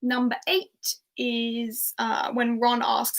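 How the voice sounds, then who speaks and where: A young woman hosting a casual livestreamed pub quiz, chatty and laughing softly as she reads out quotes and answers. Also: fairly high pitch, fairly even intonation, moderate pace, vocal fry.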